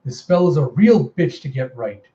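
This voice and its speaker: A man's voice: a little high, lively intonation, moderate pace, mellow, highs cut off, natural voice. A man voicing an irritable blood mage who snaps impatiently. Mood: irritated. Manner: impatient, snappish.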